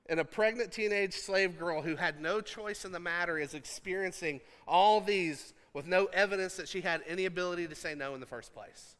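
A male pastor preaching a sermon in an animated, conversational, jokey way. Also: high voice, clear, resonant tone, in a large hall.

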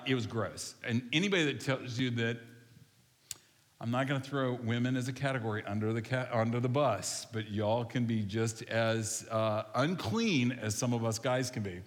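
A man's voice: mid-range voice, a bit bright. A man pastor delivering a conversational, folksy sermon and prayer in a church sanctuary. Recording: long hall reverb.

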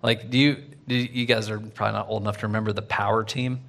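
A man preaching a sermon in a casual, conversational way, full of fillers and "right?", swinging from loud and lively to quiet. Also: on the low side, quick pace, gravelly. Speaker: pastor.

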